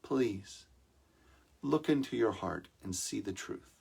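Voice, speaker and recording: A man's voice: on the low side, animated, takes it slowly, creaky, darkish tone, slightly rough, exaggerated voice. Man doing a coaxing mother mountain lion. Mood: pleading. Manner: sweet-talking, coaxing.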